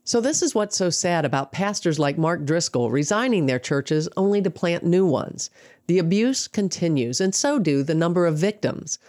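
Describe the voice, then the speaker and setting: A woman hosting a podcast, interviewing a guest and narrating summaries in a measured way. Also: lowish voice, expressive, a little mellow.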